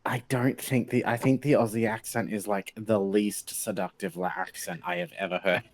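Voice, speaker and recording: A man's voice: on the low side, steady tone, normal speed. A man hosting a casual gaming stream, joking around and laughing often with friends. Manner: giggly and joking. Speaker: streamer host.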